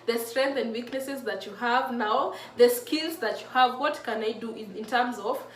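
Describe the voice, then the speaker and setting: Heard through a distant mic in an echoey room, a faith vlogger in her mid-twenties speaks with a fairly high pitch at a moderate pace. Her casual, heartfelt talk to camera is earnest and emotional, with frequent restarts.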